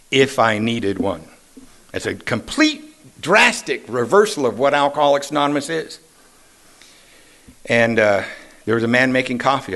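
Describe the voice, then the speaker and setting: A man's voice: medium pitch, a bit bright. A man in his sixties sharing his personal recovery story at a meeting, with self-deprecating humor and casual questions to the audience. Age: 60s. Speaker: AA meeting speaker. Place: meeting hall.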